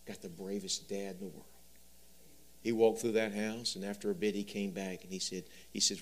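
A man preaching a sermon, telling stories and swinging from loud emphasis to soft, quiet delivery. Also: fairly low pitch, level tone, normal speed. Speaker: pastor.

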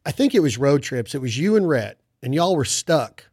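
A male podcast host talks through his questions in a relaxed, chatty way, with a voice a touch higher than most men's. The sound is dry and close to the mic. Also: moderate pace, husky, no echo. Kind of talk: casual interview.

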